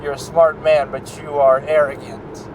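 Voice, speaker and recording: A man playing a calm, gloating male cult leader villain, delivering his lines slowly and quietly. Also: fairly high pitch, noisy background, natural voice.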